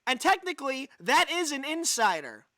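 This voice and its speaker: A man's voice: very high-pitched, very animated, normal speed, sharp tone, dry recording. A man hosting a livestream, ranting sarcastically and reading an article aloud with sighs of exasperation. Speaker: livestream host.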